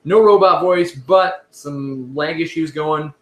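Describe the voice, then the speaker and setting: A man hosting a casual live stream, answering viewer questions in a relaxed, rambling way and often correcting himself. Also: a little high, takes it slowly, reverberant.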